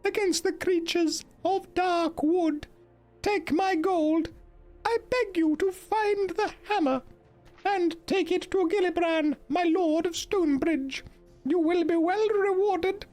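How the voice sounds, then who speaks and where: A man putting on a dying old dwarf's gruff voice. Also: very high-pitched, slow, darkish tone, soft background music, pitched above the performer's own voice. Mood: high strained. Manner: gruff put-on accent, Sean Connery impression. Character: dying old male dwarf, delirious and pleading.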